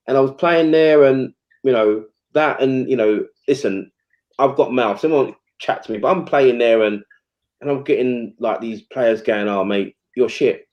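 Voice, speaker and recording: A man tells stories from his playing days in a loose, animated way. He acts out other people's lines and piles on fillers. The sound is dull and a little lo-fi. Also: medium pitch, normal speed. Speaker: former footballer guest. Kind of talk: casual storytelling chat.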